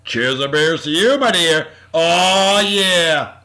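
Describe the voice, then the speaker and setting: A man hosting a casual beer-tasting vlog, talking in a loud, hyped-up, slangy way and sounding short on sleep. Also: fairly high pitch, slow pace. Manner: boisterous, hyped-up, shouty slang-laden praise. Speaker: vlog host.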